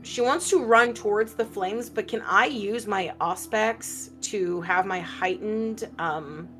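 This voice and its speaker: Brief: mid-pitched female player, loose and chatty, soft background music. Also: slow. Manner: chatty, many fillers. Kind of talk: casual tabletop play.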